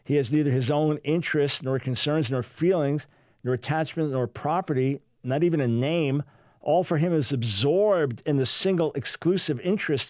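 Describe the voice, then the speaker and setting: A man's voice: a little high, darkish tone, dry recording. A man hosting a talk radio show, delivering a sarcastic, mocking monologue in a studio. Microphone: studio microphone.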